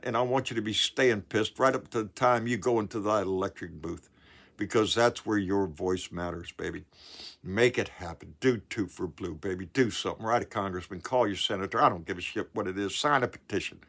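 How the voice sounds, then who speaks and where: A man's voice: fairly low pitch, moderate pace. A man, ranting angrily about politics to camera, swearing, repeating himself and stumbling over his words. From Texas. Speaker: political vlogger. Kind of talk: angry political rant to camera.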